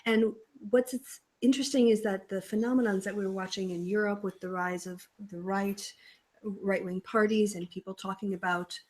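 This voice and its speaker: A woman's voice: mid-range voice, fairly even intonation, normal speed, darkish tone. A woman co-hosting election coverage, giving an analytical, lecture-like explanation of electoral systems. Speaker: co-host and political scientist. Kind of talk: casual panel discussion.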